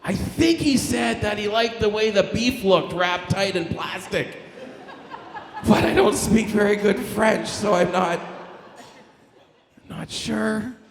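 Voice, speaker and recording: A Canadian man doing a crude, loud stand-up set, his voice a bit hoarse. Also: high voice, slow, pauses often, a little hiss or hum. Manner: brash, crude, loud punchlines. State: slightly hoarse. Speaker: stand-up comedian. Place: comedy stage in a club. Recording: echoey club room with long reverb.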